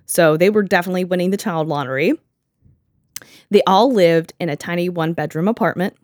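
A woman's voice: on the low side, fairly quick, darkish tone, no room sound. A woman hosting a podcast in casual chat, sarcastic and often laughing, on a close mic. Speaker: podcast host.

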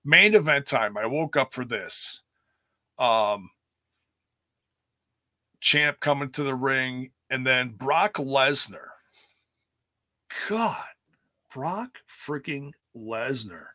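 A man's voice: mid-range voice, slow, long pauses, sharp tone, no room sound, clean studio sound. A man giving a candid, rambling recap of a wrestling event in casual chat, speaking casually and swearing now and then. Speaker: wrestling commentator.

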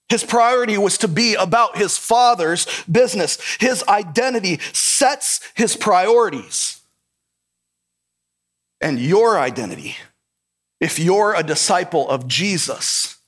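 A man's voice: sits high, fairly bright tone. A male pastor preaching a sermon in an earnest, emphatic way, repeating his key points.

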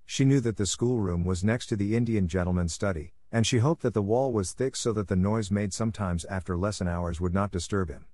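A man narrating an audiobook in a steady, measured way. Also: lowish voice, dry recording. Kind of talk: scripted narration.

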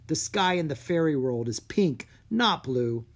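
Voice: mid-range voice, animated, unhurried. A storybook narrator voicing a brave, earnest young boy on a quest.

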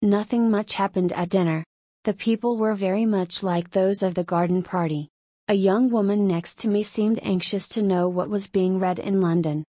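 A woman reading a story aloud in a measured, unhurried scripted narration. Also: medium pitch, steady tone, warm tone, slightly rough, no echo, clean studio sound. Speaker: audiobook reader.

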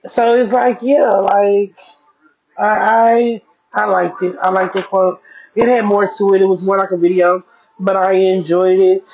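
A woman's voice: medium pitch, darkish tone, dull audio. A woman hosting a casual blog podcast from her bedroom desk, talking loosely to her listeners as y'all and stretching out key words. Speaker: podcast host.

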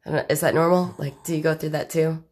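A woman's voice: low voice, steady tone, fast talker, darkish tone. Tipsy, teasing young woman podcaster. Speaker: podcast co-host. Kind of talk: casual chat.

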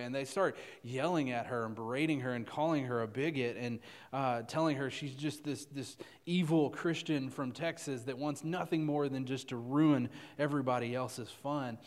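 A man's voice: mid-range voice, normal speed, big-room sound. A man preaching as a youth pastor, telling a story in a loose, chatty way full of "uh"s and "right?"s. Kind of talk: conversational sermon storytelling.

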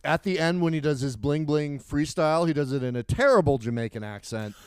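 A middle-aged man co-hosting a casual podcast chat, animated and rambling, with lots of restarts. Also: fairly high pitch, brisk, clean tone, dry recording. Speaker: podcast co-host.

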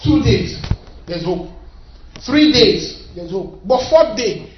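A high-voiced man preaches with lively, swooping emphasis, rising to shouts and repeating his lines. He is picked up from a distance, and the sound is dull and echoey, as in a large church hall. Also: slow pace, a little hiss or hum. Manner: emphatic, repeats phrases, shouts at peaks, reads scripture aloud. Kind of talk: sermon.

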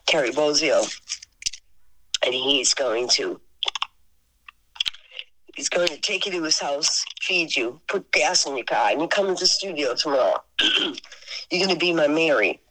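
A woman with a Boston accent putting on a lower voice to quote an older male bandleader, direct and welcoming. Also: sharp tone, full character voice, low-quality recording. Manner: direct, welcoming, matter-of-fact.

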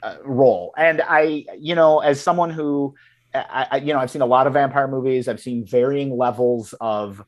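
A man's voice: mid-range voice, normal speed, dull audio. A man co-hosting a podcast, chatting casually about a film in a rambling way, with lots of restarts. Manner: rambling, heavy on fillers and restarts. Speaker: podcast co-host.

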